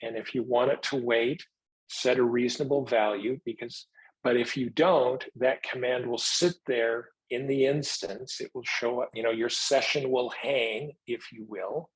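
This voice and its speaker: Husky guy presenting a tech talk, slow and careful, explains stuff step by step. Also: medium pitch, steady tone, rough recording. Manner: measured, explanatory. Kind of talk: technical presentation.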